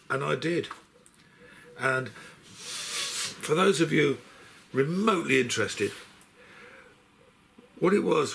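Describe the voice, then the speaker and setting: Older man, gravelly voice, rambling anecdotal chat, unboxing. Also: medium pitch, a bit bright, a little hiss or hum. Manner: rambling storyteller, stops and restarts sentences. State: unwell. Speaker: musician presenting his box set.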